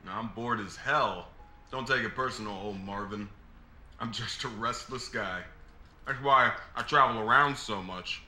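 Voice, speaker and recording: A man's voice: fairly low pitch, unhurried, pushed and bright, reverberant, slight background noise, voice pushed down. A man voicing a chatty Southern gas station attendant with a put-on Southern US drawl, folksy and rambling.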